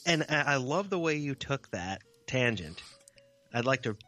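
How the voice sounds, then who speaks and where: A man's voice: mid-range voice, sing-song, moderate pace, sharp tone, faint music behind. A man co-hosting a podcast, chatting casually with wry, teasing humor and some swearing. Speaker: podcast co-host. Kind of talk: casual comedic chat.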